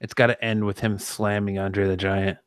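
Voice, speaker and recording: A man hosting a casual podcast chat, relaxed and rambling. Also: on the low side, moderate pace, clear, resonant tone, no echo. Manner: relaxed, with frequent fillers and restarts. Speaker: podcast host.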